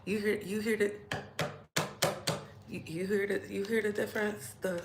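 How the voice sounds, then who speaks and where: A woman's voice: medium pitch, flat delivery, normal speed, pauses often, reverberant, noisy background. A young adult woman hosting casual celebrity gossip commentary, repeating herself and dropping into whispers. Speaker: gossip show host.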